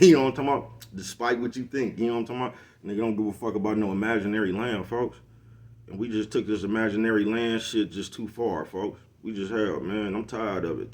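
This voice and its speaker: Here a middle-aged vlogger hosting his own show speaks with a fairly low pitch and a darkish tone. His rant to the camera is casual, relaxed and slangy, peppered with questions about whether you know what he's talking about.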